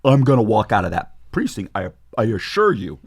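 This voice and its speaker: A man's voice: on the low side, big pitch swings, a little fast, breathy edge. A man, a podcast guest, telling a story in casual conversation, acting out quoted voices, with frequent restarts.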